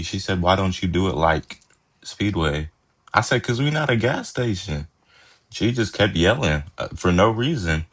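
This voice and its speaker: A young man with a very low voice tells stories on his podcast. He talks in a relaxed, slangy way and laughs now and then as the stories unfold. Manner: laid-back, laughs while telling, slangy phrasing. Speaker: podcast host. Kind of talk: casual storytelling.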